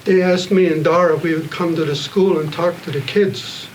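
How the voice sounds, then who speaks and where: A man addresses a gathered audience in an earnest, plain-spoken way, pausing often between thoughts. His voice sits a little high for a man. The mic is set well away from him, with a soft hum of room noise underneath. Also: fairly even intonation, distant mic, low-quality recording. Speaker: panel speaker at a community evening. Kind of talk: heartfelt public storytelling.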